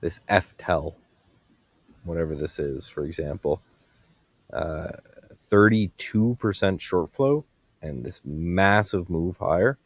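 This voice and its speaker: A man's voice: low voice, lively intonation, takes it slowly, long pauses, breathy edge, no echo. A man giving casual live trading commentary, thinking aloud as he scans charts. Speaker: guest trading host.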